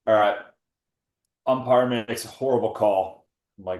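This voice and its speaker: A man's voice: on the low side, unhurried, darkish tone, reverberant. A man co-hosting a podcast in casual chat, rambling and joking with plenty of swearing. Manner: rambling, jokey, swears freely. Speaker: podcast co-host.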